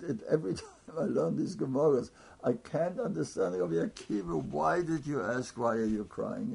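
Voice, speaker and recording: Gravelly, husky man teaching Talmud. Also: mid-range voice, darkish tone. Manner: halting, repeats words, thinks aloud. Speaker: Torah teacher. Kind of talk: Talmud lesson.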